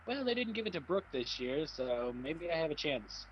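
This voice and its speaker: A man's voice: fairly high pitch, very animated, moderate pace, breathy edge, muffled recording. A young man chatting casually on a stream, rambling and opinionated. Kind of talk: casual chat.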